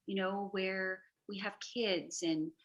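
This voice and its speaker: A woman hosting a casual chat, effusive and emotional, chatty and quick to laugh. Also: mid-range voice, steady tone, lo-fi sound. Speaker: host, interviewer.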